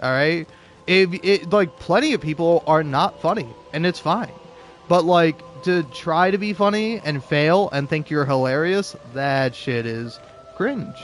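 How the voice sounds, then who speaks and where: A man's voice: fairly high pitch, measured pace, slight background noise. A man talking in a rambling, casual commentary style, sarcastic and profane, laughing often between his points. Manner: rambling with frequent restarts. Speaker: gaming video creator.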